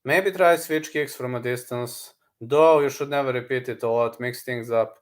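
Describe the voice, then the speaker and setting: Streaming live, a man chats casually with his viewers and keeps repeating blunt fight advice. His voice is medium-pitched and his pace moderate.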